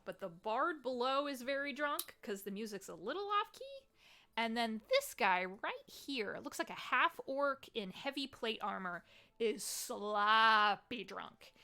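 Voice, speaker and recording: A woman's voice: on the high side, pushed and bright. A woman running a tabletop game as game master, describing scenes in a chatty, descriptive way with many fillers.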